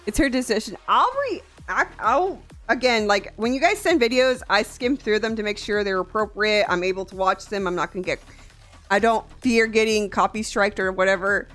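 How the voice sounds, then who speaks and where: A woman from Tennessee chatting casually with her stream viewers, soft-voiced, swearing freely and laughing often. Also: mid-range voice, normal speed, faint music behind.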